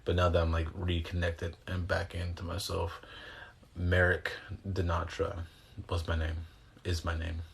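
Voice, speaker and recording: A man's voice: low voice, completely flat delivery, unhurried, vocal fry. A man chatting casually on a livestream, rambling in loose slang with some swearing, answering viewer questions and guiding breathing exercises, speaking into a phone. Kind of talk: casual livestream chat and guided breathing instruction.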